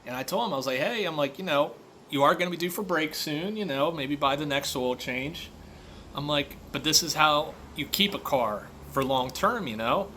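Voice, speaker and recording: Bright-voiced mechanic ranting casually. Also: male voice, fairly high pitch, expressive, moderate pace, slight background noise. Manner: conversational storytelling, many fillers. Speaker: auto repair shop owner. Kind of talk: casual monologue rant.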